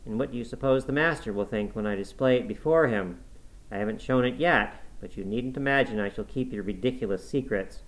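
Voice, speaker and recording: A man's voice: mid-range voice, a little fast, close to an everyday voice, poor audio. A man reading aloud and voicing a stern middle-aged housekeeper who scolds a girl with scorn. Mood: scolding.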